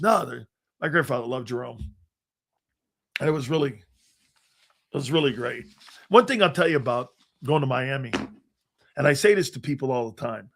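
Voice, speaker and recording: Middle-aged male sports talk host, gravelly voice, rambling animated storyteller. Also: medium pitch. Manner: rambling, animated anecdotes with restarts. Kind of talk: casual storytelling.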